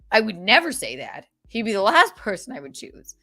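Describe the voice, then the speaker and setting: A woman hosting a comedy podcast, chatting in casual banter with mock indignation and quick acted-out quotes. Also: mid-range voice, huge pitch swings, bright, forceful tone.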